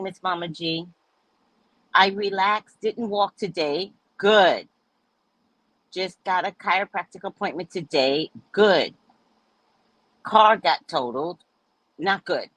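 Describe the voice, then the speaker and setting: A woman's voice: mid-range voice, a bit bright, no room sound, low-quality recording. Middle-aged woman host, bouncy swooping delivery, chatty, reads the chat aloud. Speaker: livestream host reading viewer comments. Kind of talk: casual chat.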